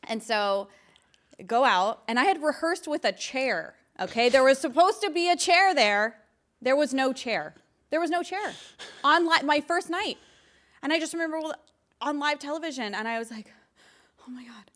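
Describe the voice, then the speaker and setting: Lively giggly woman telling stories. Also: high-pitched, normal speed. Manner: giggly, animated, quotes others in voices. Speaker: guest. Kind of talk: casual interview storytelling.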